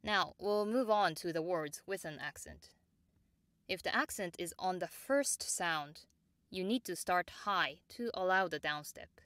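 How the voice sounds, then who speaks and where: Slow, measured woman teaching pronunciation. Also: on the low side, a bit bright, dry recording. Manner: measured and precise, models example words slowly and repeats them. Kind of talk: slow, clear instructional explanation.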